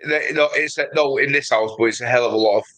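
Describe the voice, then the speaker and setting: A man's voice: medium pitch, fast talker, a bit bright, rough recording. A man with a Manchester accent telling a story animatedly in casual chat, often repeating himself and saying mate. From England. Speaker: guest on a fishkeeping livestream.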